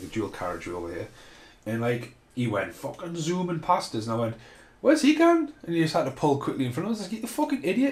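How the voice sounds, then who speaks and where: A man's voice: mid-range voice, darkish tone. A man hosting a casual film commentary podcast, rambling and swearing freely as he rants. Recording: roomy echo.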